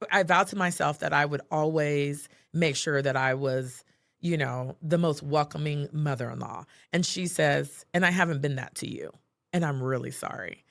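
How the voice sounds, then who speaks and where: Chatty woman with gravelly vocal fry. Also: deep voice, fairly bright tone, no room sound, clean studio sound. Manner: chatty, heavy with fillers like "like" and "you know"; heartfelt, personal storytelling. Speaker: podcast co-host. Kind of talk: casual podcast chat.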